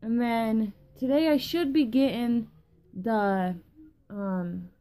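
This young woman's casual vlog rambles as she swears a lot and loses track of her thoughts, worn out from too little sleep. She speaks slowly in a mellow voice on the high side.

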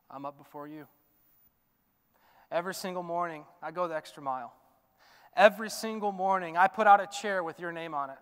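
A man voicing God as a tender, fatherly figure who speaks softly to his son, with long hall reverb. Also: high-pitched, clean tone.

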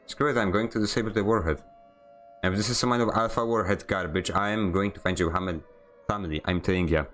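A man with a lowish voice chats while he plays a game on stream. He rambles, pokes fun at himself and keeps stumbling into restarts mid-sentence. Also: fairly even intonation, quick pace, a bit bright. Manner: joking, self-mocking. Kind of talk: casual chat while gaming.

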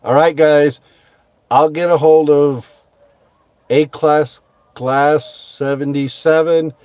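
A middle-aged American man closing his window cleaning vlog with heartfelt thanks, talking slowly with many fillers and restarts. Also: a little high, a little mellow, a little hiss or hum. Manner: heartfelt, slow and halting with fillers. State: choked up. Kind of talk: casual vlog sign-off.

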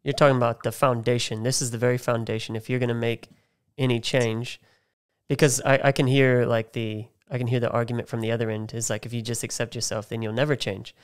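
Smooth, even-toned podcast host. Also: mid-range voice, fast. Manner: brief affirming murmurs, then summarizes the guest's point. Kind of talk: conversational podcast interview.

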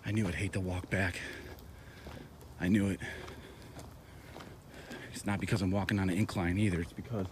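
A man filming himself on a wooded trail at night, nervous and swearing in hushed tones, out of breath, recorded on his camera rig mic. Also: sits low, steady tone, moderate pace, pauses often, noisy background. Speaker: vlogger. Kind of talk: night walk vlog. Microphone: camera rig mic, handheld.

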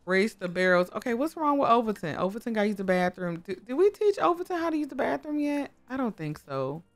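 A young woman chats her way through a game in a fairly high voice, talking straight to her characters. She gets excitable and gushing, and her pitch swings widely as she breaks into squeals. Soft music plays faintly underneath. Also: fast. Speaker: gaming YouTuber. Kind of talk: casual gameplay commentary. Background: faint background music.

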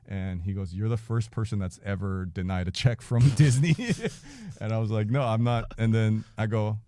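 Speaking at normal speed in a lowish voice, this forty-something podcast guest recounts a story in a dry recording. He swears, laughs a lot and performs the quotes with plenty of animation.

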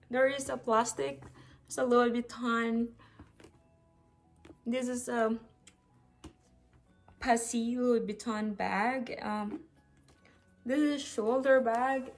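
A woman from the Philippines filming a casual unboxing vlog, gushing with excited exclamations. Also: fairly high pitch. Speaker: vlogger.

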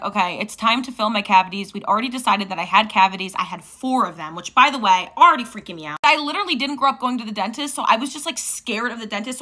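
A woman in her twenties telling a story in casual chat, animated and full of "like" fillers. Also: fairly high pitch. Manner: animated, heavy use of "like".

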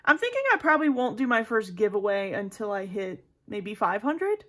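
A woman's voice: medium pitch, very animated, normal speed, fairly bright tone. Chatty young woman vlogging casually. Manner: chatty, rambling, self-deprecating. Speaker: planner vlogger. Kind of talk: casual vlog chat.

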